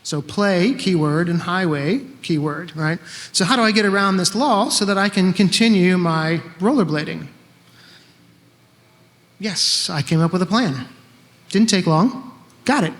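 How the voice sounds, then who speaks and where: A man's voice: high voice, unhurried, long pauses, big-room sound. Wry man in his fifties telling a story. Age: 50s. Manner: conversational, wry, acts out dialogue. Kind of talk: live stage storytelling. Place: live event stage in a hall.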